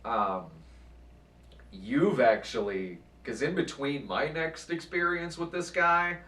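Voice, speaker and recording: Man, casual storyteller, animated and swearing, voice from a distance, echoey room. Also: fairly high pitch, takes it slowly. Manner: animated, profane, acts out quotes. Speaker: channel host. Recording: echoey room, far from mic.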